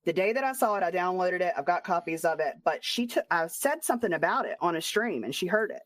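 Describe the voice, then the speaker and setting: A woman livestreamer rants bitterly and swears freely, venting about someone she is sick of. Her voice sits low for a woman. The sound is dry and close. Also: animated, quick pace, no echo. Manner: bitter, profane, ranting. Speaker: streamer. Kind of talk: angry livestream rant.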